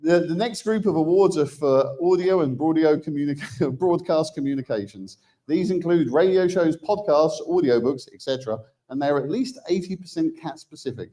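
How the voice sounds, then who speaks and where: A man's voice: on the high side, expressive, normal speed, warm tone. A man presenting awards at a ceremony, reading winners in a joking, giggly way and often stumbling over words.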